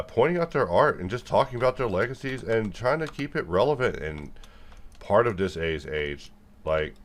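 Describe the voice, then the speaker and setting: Deep-voiced man rambling to his viewers. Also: slight background noise. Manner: animated, jumps between jokes and rants, talks to viewers directly. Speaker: software developer and video creator. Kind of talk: rambling stream-of-consciousness monologue.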